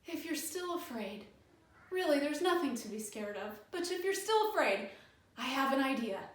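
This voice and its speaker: A woman doing a gentle reassuring grandpa. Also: high voice, very animated, moderate pace. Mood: soothing. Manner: soothing, gentle. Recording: echoey room from a distance.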